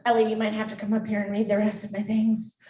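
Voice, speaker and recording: A woman's voice: mid-range voice, completely flat delivery, fast talker, dark tone, slight background noise. A woman making an emotional, chatty fundraising appeal into a handheld microphone at a live event, laughing and tearing up. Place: event hall. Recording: echoey hall, distant mic.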